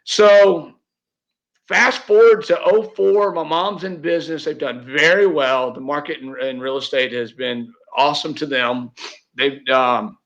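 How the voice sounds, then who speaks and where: Middle-aged guy, kinda high voice, earnest rambling story, muffled lo-fi audio. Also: steady tone, measured pace, a bit bright. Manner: earnest, heartfelt, many fillers and restarts. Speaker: real estate agent, interview guest. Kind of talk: emotional personal storytelling.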